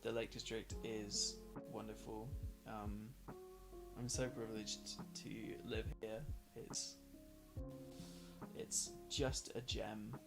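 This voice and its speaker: Tired, gravelly young man, slow chatter. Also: lowish voice, flat delivery, poor audio. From northern England. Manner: chatty, self-deprecating, trails off with ums. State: tired late at night. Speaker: livestream host painting along. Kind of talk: casual rambling livestream chat. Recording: background music playing under the voice. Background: guitar music.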